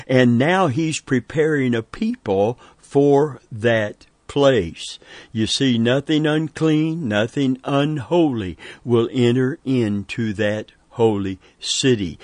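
A man's voice: medium pitch, slow, darkish tone, dry recording. A man hosting an online Bible study. He chuckles often and keeps saying "amen" and "praise God" as he teaches. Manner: chuckles often, leads with 'amen' and 'praise God'.

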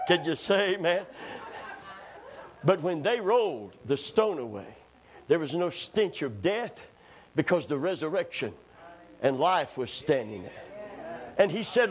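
A preacher with an unusually high, bright voice delivers a sermon in a church. He calls out to the congregation for amens and builds from calm storytelling to fervent shouting. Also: a little slow, pauses often. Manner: preaching with call-and-response, rising to shouts. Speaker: pastor. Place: church sanctuary.

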